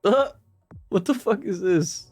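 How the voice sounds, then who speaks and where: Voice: medium pitch, animated, slow pace, darkish tone, breathy edge, faint music behind. A streamer reacting live from home, rambling with lots of swearing and laughter. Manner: profane, giggly, rambling.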